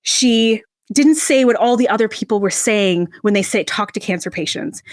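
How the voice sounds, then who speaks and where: Animated woman telling a personal story. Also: a little fast, few pauses, no room sound, clean studio sound. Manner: expressive, acts out quoted voices with big pitch jumps. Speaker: podcast guest, personal brand coach.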